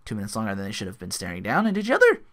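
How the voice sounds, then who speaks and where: A man's voice: fairly low pitch, wildly swooping pitch, rapid-fire, a bit bright. A man hosting a solo podcast, recapping a wrestling show in a rambling way full of likes and restarts. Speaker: podcast host.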